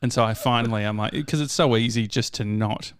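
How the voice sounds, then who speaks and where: A man's voice: on the low side, steady tone, a little fast, a little hiss or hum. Rambling Australian man on a podcast. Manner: rambling, self-correcting storyteller. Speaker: podcast co-host. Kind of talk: casual chat.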